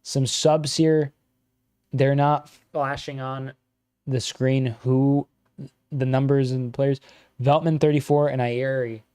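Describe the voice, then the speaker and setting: A man streaming live football watch-along commentary, reacting excitedly as a fan and chatting with viewers. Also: medium pitch, slow pace, smooth.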